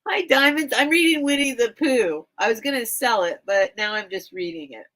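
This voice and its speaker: A woman's voice: on the high side, animated, normal speed, a bit bright. A woman hosting a live online vintage sale from home, rambling and chatting straight to her viewers. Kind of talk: casual live-stream chat.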